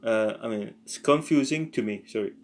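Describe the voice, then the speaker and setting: A man teaching a casual language lesson, talking slowly and haltingly with many fillers and self-corrections. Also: fairly low pitch. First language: French.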